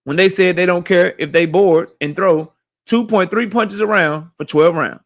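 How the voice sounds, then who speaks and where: A man's voice: high voice, normal speed. A man hosting a casual boxing livestream, ranting animatedly and profanely while reading chat messages.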